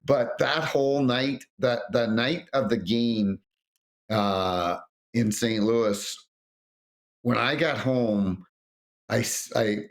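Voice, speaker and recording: A man's voice: mid-range voice, slow pace. A middle-aged man, a retired referee, telling anecdotes on a podcast and acting out quotes with frequent restarts. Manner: animated storyteller, acts out quotes, frequent restarts. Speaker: retired hockey referee guest.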